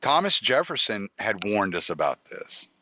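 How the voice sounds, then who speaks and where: A lower-pitched man with a lively, swooping delivery, rambling through a story with plenty of cursing and self-interruptions. His voice is bright and forward. The recording is dull and lo-fi but dry, with no room sound. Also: moderate pace, no echo. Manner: rambling, profane, with frequent restarts and quoted dialogue. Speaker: podcast host. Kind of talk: casual storytelling monologue.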